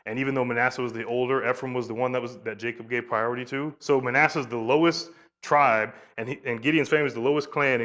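A man teaching scripture in a casual, unscripted style. He keeps turning to his listeners with questions, often with a quick "right?". When he retells the story, he voices the exchanges with lively shifts. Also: medium pitch, highs cut off. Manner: informal, with frequent "you know" and "right?". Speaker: Bible teacher. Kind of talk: conversational Bible teaching.

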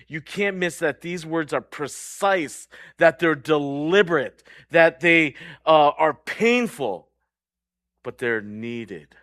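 A man preaching a sermon in an earnest way, moving between loud stressed words and hushed low lines, and often asking his listeners "right?". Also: lively intonation, slow, dry recording, clean studio sound. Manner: checks in with the crowd by asking "right?". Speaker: pastor.

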